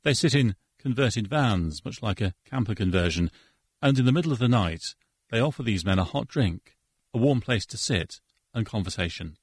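A man with a husky, lowish voice gives an earnest devotional talk for the radio. He speaks in a preacherly way and quotes verses, and the studio sound is dry. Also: expressive, normal speed, no echo. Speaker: radio co-host.

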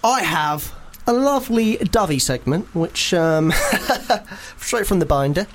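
A man's voice: sits high, expressive, slow. A man co-hosting a radio show, joking around and reading out a tale in a playful, giggly way. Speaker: radio co-host. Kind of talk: casual radio banter and storytelling.

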